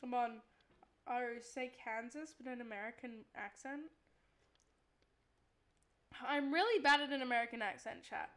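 Australian woman, live gamer, pitched slightly high, frustrated and begging, chatty with her viewers. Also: moderate pace, long pauses, a bit bright. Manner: exasperated, pleading, talks to chat. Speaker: streamer. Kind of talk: casual live-stream gaming chatter.

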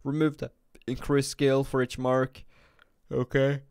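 A man's voice: medium pitch, little pitch movement, a little slow, darkish tone, smooth, no room sound, clean studio sound. A man giving casual game commentary while drowsy from just waking up, thinking aloud and often restarting his sentences. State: drowsy, just woke up and yawning. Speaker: gaming video creator.

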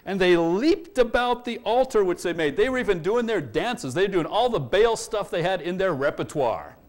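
A man's voice: high voice, moderate pace. A man preaching a sermon, explaining a Bible passage verse by verse and acting out its quotes with energy. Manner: expository preaching, animated when quoting scripture. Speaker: pastor.

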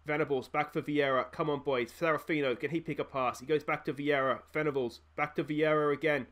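Aussie guy narrating his footy manager game, higher voice, gets really worked up. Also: a little fast. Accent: Australian. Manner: animated, yells at the screen. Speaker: gaming channel host. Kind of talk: excited let's-play commentary.

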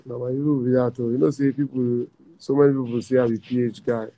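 A man's voice: mid-range voice, flat delivery, fast, low-quality recording. A man from Nigeria with a Nigerian Pidgin accent, freestyle rapping on a live stream in a playful, half-sung, boasting flow. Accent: Nigerian Pidgin English. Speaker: rapper. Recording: loud music behind the voice.

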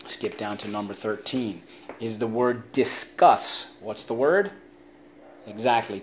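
Man, teacher, kids' spelling lesson, call-and-repeat drills, playful high asides, faint background hiss. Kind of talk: online spelling lesson for kids.

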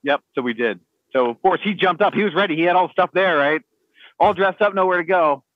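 A man's voice: high voice, fairly quick, no room sound, lo-fi sound. A man telling a navy story on a podcast in a rambling, laughing way, full of fillers and restarts. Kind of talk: casual storytelling among friends.

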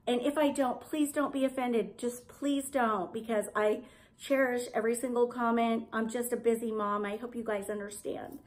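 A middle-aged woman, chatting to camera in a gushing, rambling way about home decorating. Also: on the high side. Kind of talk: casual chat to camera.

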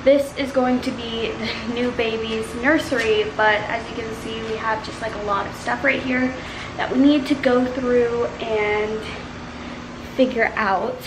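A young woman chats to her handheld camera at home, her voice a little higher than most. She rambles easily through a family vlog with plenty of likes and fillers, and a faint hum of the room sits underneath her. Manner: chatty, filler-heavy, drops to a hushed murmur at times. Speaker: vlogger. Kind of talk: casual family vlog chat. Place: home, indoors.

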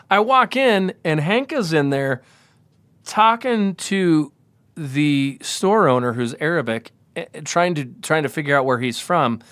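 A man's voice: a little high, expressive, normal speed, a bit bright, dry recording. A man from a small South Dakota town telling a touring story in casual chat, acting out the voices of people he quotes. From Spearfish, South Dakota. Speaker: guest, brewery sales rep. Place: home room with dogs around.

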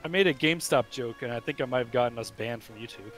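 A man's voice: medium pitch, fast, a bit bright, soft background music, poor audio. A man hosting a game livestream, joking and giggling through casual chat. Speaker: livestream host and player.

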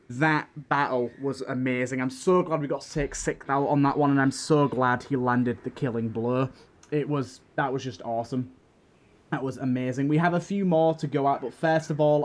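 Enthusiastic rambling game host, man. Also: medium pitch. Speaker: let's play host. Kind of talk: gameplay commentary and reading fan diaries.

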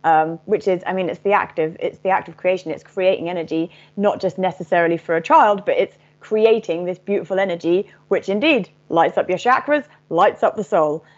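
A woman's voice: lowish voice, brisk, few pauses, dull audio. A woman channeler speaking casually and frankly about spirituality, swearing now and then.

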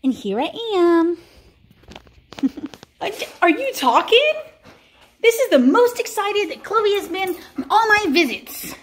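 High-voiced woman cooing at dogs. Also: very animated, slow, long pauses. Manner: sing-song baby talk to pets. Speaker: pet sitter. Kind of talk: casual vlog talking to dogs.

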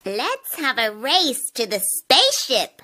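A woman voicing a playful little space spy kid who speaks slowly and eagerly. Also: high-pitched, huge pitch swings, bright, forceful tone, voice pushed up, full character voice.

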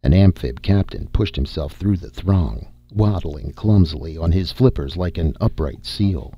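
A man reads a novel aloud in a steady, measured way, his voice low and husky. The recording is dry and close with a slightly dull, muffled top end. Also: no echo. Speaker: audiobook narrator. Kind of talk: audiobook narration.

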